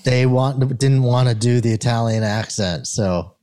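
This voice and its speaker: A man's voice: mid-range voice, measured pace, warm tone. Man, laid-back podcast co-host, laughs a lot, chatty. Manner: laughs often, loose and chatty. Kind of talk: casual chat.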